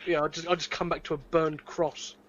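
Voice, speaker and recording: A man's voice: fairly high pitch, little pitch movement, fairly quick, fairly bright tone, a little hiss or hum. A man playing a tabletop game over a video call, cheerful and giggly, narrating his character's actions. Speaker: player. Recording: dull lo-fi video-call audio.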